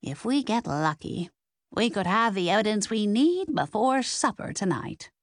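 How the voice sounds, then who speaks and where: A woman voicing a brisk older grandmother amateur sleuth who gives orders. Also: mid-range voice, big pitch swings, dry recording, clean studio sound, voice pushed up. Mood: commanding.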